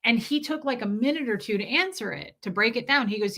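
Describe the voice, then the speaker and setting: Reading out viewer comments on her casual livestream, this woman speaks a little high and a little fast, with lively intonation and a fairly bright tone. She rambles, often trailing off mid-sentence and starting again.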